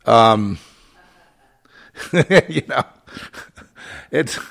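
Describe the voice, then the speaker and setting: A man's voice: medium pitch, drawn-out words, vocal fry, fairly bright tone. A man delivering a rambling, moralizing monologue with a sardonic, digressive way of talking.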